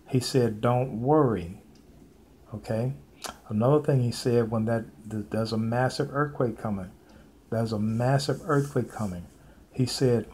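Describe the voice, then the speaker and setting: A man speaking an informal sermon to camera, earnest and repetitive, with many pauses and fillers as he warns of coming events. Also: mid-range voice, a little mellow, slightly rough. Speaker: preacher sharing prophetic visions.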